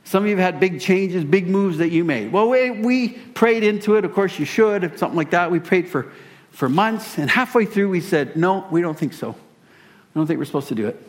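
A male pastor telling a personal story in a sermon, animated and self-deprecating. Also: high-pitched, moderate pace.

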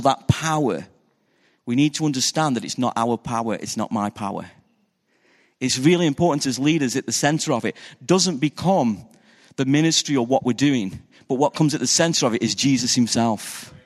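A man's voice: medium pitch, fairly quick. A man, a pastor, preaching a conversational sermon that keeps asking the congregation questions. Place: church hall. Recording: reverberant church hall.

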